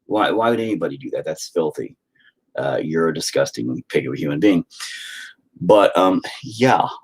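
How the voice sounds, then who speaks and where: A man's voice: extremely low pitch, expressive, moderate pace, husky. A man, a father, ranting profanely and rambling on a casual live stream, slipping into mock voices. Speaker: livestreamer and father.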